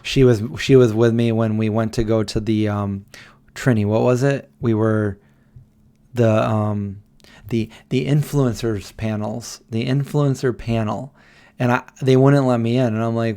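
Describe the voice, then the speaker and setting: Tired, low-voiced man hosting a late-night stream. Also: fairly even intonation, normal speed, dark tone, smooth. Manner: rambling, reads chat aloud and answers viewers. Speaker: livestream host. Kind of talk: late-night livestream chat. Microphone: desk microphone.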